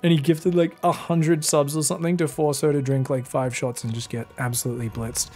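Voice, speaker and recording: A man casting a live strategy game match with excitable, casual play-by-play that swings between hype and relaxed chat with viewers. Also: fairly high pitch, a little fast, soft background music. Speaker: esports caster.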